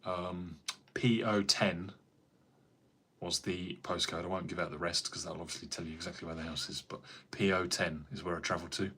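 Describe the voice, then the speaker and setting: A man's voice: deep voice, fairly even intonation, moderate pace, sharp tone, a little hiss or hum. A man with an English accent, rambling in casual livestream chat as a carpenter answering viewer comments. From England. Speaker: carpenter streaming live.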